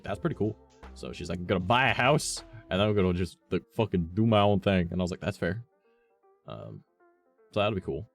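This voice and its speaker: A man's voice: low-pitched, vocal fry. A man, a streamer chatting casually and telling a rambling, profane story, acting out the lines of the people in it.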